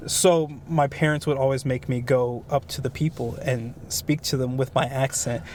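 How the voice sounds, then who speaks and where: A man's voice: mid-range voice, fairly even intonation, moderate pace, darkish tone, a little hiss or hum. A young man co-hosting a podcast, telling stories in a rambling, casual way with lots of fillers. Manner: rambling storyteller with many fillers. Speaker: podcast co-host. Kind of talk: casual chat.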